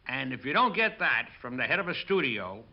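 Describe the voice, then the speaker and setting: An older man, a film director, recalls his career in an interview, telling lively stories and acting out the lines of the people in them. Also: medium pitch, fairly quick, lo-fi sound. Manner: lively storyteller acting out quotes. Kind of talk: interview recollection.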